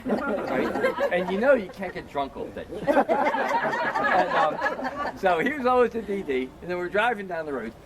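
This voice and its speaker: A man's voice: sits high, huge pitch swings, unhurried, over a noisy crowd, very noisy. A middle-aged man telling a long, self-mocking story among friends, full of "um" and "you know.". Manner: rambling, filler-heavy, self-mocking. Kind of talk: casual anecdote.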